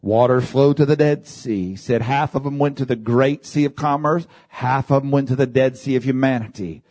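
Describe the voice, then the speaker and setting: A man preaching a sermon in church, building from calm teaching to fervent shouted calls of amen and hallelujah. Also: medium pitch, moderate pace.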